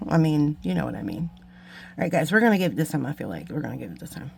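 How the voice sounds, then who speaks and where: A woman hosts a beading tutorial in a casual, chatty way. She mocks herself and mutters asides while working, and her voice has a gravelly, creaky texture. A faint hum sits behind her. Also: low-pitched, very animated, quick pace, darkish tone. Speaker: beading channel host. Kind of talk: casual craft tutorial chat.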